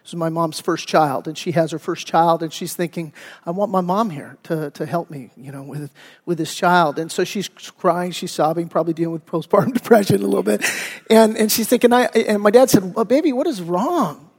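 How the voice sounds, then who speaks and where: A middle-aged man with a fairly high voice preaches to his congregation in a relaxed, conversational way, often restarting his sentences. His voice rings out with a long reverb in a church sanctuary. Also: brisk. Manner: conversational storytelling with frequent restarts and fillers. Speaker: pastor. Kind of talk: sermon.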